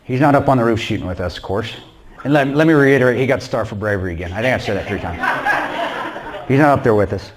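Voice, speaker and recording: A man's voice: medium pitch, lively intonation, fast, background noise. A man giving a blunt, intense personal war story to a church audience. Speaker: guest speaker.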